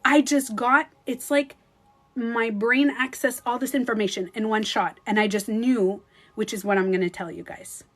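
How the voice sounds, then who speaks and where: A woman talks straight to her followers on a livestream, animated and casual. Her voice sits a little high, and she acts out her own thoughts as she goes. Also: moderate pace. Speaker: beauty coach livestreaming to followers.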